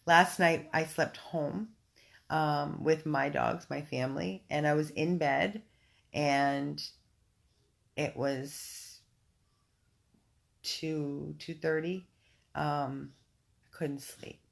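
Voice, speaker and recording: A woman with a low, gravelly voice talks slowly on a phone livestream from home. She reads out viewer comments and chats in an effusive way, often starting over and filling pauses with ums. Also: fairly even intonation. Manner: chatty and effusive, many ums and restarts. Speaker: dog rescue volunteer hosting a livestream. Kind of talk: casual livestream chat, reading viewer comments.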